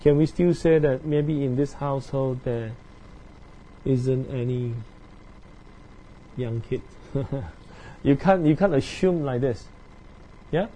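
A man teaching through a Bible passage verse by verse. He talks haltingly, with many fillers, and keeps checking in with his listeners through tag questions. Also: medium pitch, warm tone, slight background noise, rough recording. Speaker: preacher.

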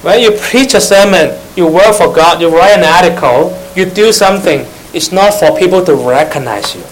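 A man's voice: high voice, normal speed, low-quality recording. A man with preaching a sermon to young church members, repeating phrases, questioning the audience and adding teasing asides.

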